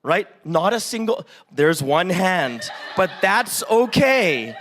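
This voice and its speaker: A young man preaching a sermon in a church, animated and conversational, acting out pleading voices and asking "right?" again and again. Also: sits high, slow. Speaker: pastor.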